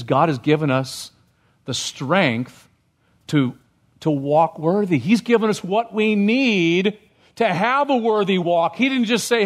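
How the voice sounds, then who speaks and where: A male pastor delivers a sermon in a church sanctuary. His voice sits a little high for a man, and his delivery is loose and conversational. He keeps asking the congregation questions as he preaches.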